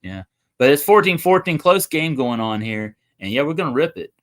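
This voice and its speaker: A man's voice: on the high side, sing-song, moderate pace. A young man, hosting a casual livestream and rambling to viewers. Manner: rambling, chatty, talks to viewers. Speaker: livestream host.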